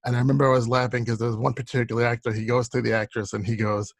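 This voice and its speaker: Husky-voiced man hosting a chat. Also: medium pitch, level tone, racing, dry recording. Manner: laughs along, shares his own set story. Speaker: interview host. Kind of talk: casual interview chat.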